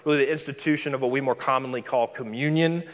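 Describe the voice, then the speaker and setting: A man's voice: mid-range voice, quick pace. A man preaching a sermon in a church, teaching in a casual, conversational way. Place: church hall with a screen. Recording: long reverb of a large hall.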